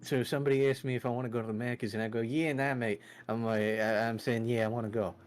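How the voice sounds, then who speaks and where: A man's voice: medium pitch, little pitch movement, very fast, darkish tone, faint music behind. A young man streaming and chatting casually with friends, self-deprecating and jokey, with rambling restarts.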